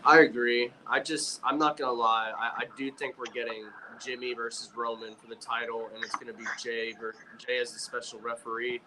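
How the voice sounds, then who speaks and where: A man of middle pitch chats casually about wrestling as a podcast co-host. He often drops "bro" and "man" into his sentences. A faint noise sits behind his voice. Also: level tone, a little fast, hardly any pauses, sharp tone, rough recording.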